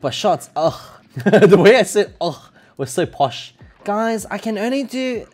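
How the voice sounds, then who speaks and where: A man streaming live, loud and joking, laughing often and a little tipsy from drinking. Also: high voice, very animated, a little slow, noisy background. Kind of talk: casual live-stream chat.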